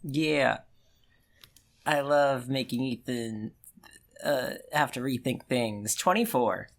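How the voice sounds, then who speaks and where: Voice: mid-range voice, takes it slowly. A player in a tabletop game, playfully describing their character's gestures with lots of likes and ums. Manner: playful, filler-heavy action description. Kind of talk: casual tabletop play. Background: loud background music.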